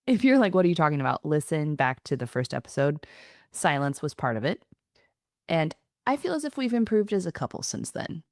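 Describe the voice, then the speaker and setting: A middle-aged woman hosting a podcast in a casual, animated chat, often laughing and joking at herself. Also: low-pitched, moderate pace, no echo, clean studio sound. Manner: laughing, animated, self-mocking. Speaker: podcast host.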